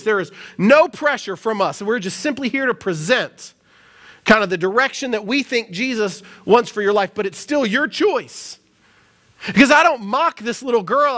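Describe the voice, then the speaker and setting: Guy preaching at church, high bright voice, chatty storytelling sermon. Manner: animated, conversational storytelling with casual fillers. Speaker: pastor. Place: church service, live.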